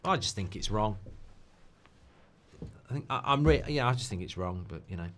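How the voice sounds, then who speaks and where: A man's voice: on the low side, animated, moderate pace, a bit bright. A man hosting a football watchalong stream in a casual, chatty, jokey way, reading viewer comments aloud. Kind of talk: casual live-stream chat.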